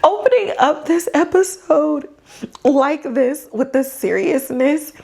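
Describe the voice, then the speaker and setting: A woman with a high voice recaps a TV episode for her podcast in a casual, animated way. She talks loosely in slang with bursts of laughter and curse words. Her pitch rides high as she tells the story. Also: slow pace, creaky. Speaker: podcast host.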